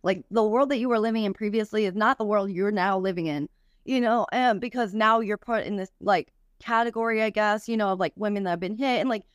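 A woman's voice: medium pitch, fairly quick, dry recording, clean studio sound. A young woman, a podcast guest, tells a personal story candidly, with frequent swearing and many "like" fillers.

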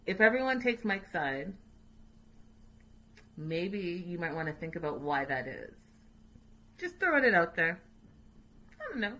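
Brief: woman vlogger, bright and clear tone, chatty and opinionated, casual recap talk. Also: fairly low pitch, very animated, unhurried, long pauses, low-quality recording. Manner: opinionated, chatty, sassy asides to viewers. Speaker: reality show recap vlogger. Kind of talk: casual chat.

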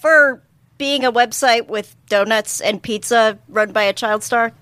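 A woman on a podcast in casual comedic chat, answering in a deadpan, sardonic way. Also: on the high side, measured pace, no room sound.

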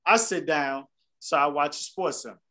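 A man's voice: on the high side, normal speed, bright, forceful tone. A man co-hosting a podcast, telling a long profane story in casual chat. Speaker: podcast co-host.

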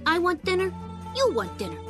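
A woman acting out a tiny wheeling-and-dealing kid mobster in a commercial, sweet-talking a parent. The voice sits very high and swoops around a lot. Music plays clearly behind the clip. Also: wildly swooping pitch, brisk, full character voice. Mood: scheming. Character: small child acting like a smooth-talking mobster.

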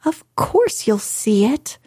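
A woman voicing an earnest, solemn young girl in a softly read storybook. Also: fairly high pitch, big pitch swings, breathy edge, no room sound, studio quality, exaggerated voice. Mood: brisk. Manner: earnest, imploring, then brisk and firm.

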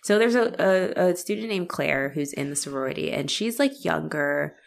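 Woman w a low voice, casual swear-y chat, super animated, acts out people's lines. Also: moderate pace, creaky. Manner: animated, profane, acts out quoted characters. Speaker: podcast co-host.

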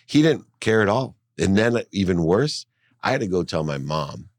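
A middle-aged man, a guest in an interview, telling a personal story in an earnest, animated way. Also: low voice, moderate pace, no echo, clean studio sound. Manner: earnest, animated, acts out his mother's voice in dialogue. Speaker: guest, entrepreneur and speaker. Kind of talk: emotional storytelling in a podcast interview.

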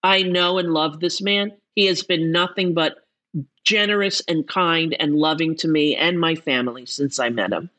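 A woman's voice: deep voice, normal speed, bright, forceful tone. A woman appearing as a podcast guest, telling a story earnestly and from the heart. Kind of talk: sincere interview talk.

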